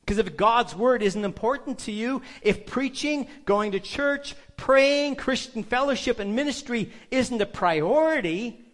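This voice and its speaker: A man's voice: extremely high pitch, fairly bright tone. A male pastor preaching a sermon, emphatic and putting rhetorical questions to the congregation.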